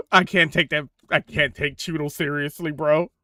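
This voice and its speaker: A young man hosting a casual gaming stream, slangy, playful and quick to laugh. His voice is bright and forward, a touch high, recorded dry and close on a desk mic. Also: wildly swooping pitch, dry recording.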